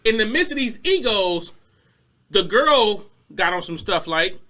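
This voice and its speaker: A man co-hosting a podcast, chatting casually and telling a story in animated slang. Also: high voice, a little slow. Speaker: podcast co-host. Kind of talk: casual chat.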